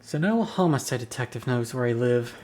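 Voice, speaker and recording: A man's voice: medium pitch, animated, a little fast, a little mellow. A man streamer reading a visual novel aloud, narrating in a dry, wry way.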